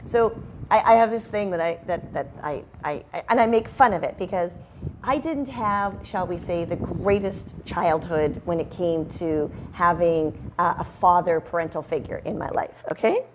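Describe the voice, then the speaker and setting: A woman's voice: lowish voice, moderate pace, a little hiss or hum. A woman hosting a casual motivational talk from her home, chatty and rambling with frequent sidebars. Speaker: host. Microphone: headphones and microphone at a video call setup.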